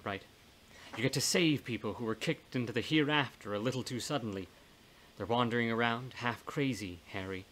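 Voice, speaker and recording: A man's voice: mid-range voice, fairly bright tone, a little hiss or hum, lightly acted. A man voicing a blunt, folksy older woman's ghost in a storybook reading, with a plain-spoken, scolding manner. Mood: urging.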